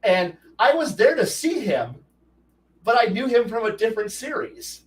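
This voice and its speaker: High-voiced man rambling through a story. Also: moderate pace, recorded from a distance, low-quality recording. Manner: rambling, frequent restarts, animated quoted dialogue. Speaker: streamer host. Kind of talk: casual storytelling monologue.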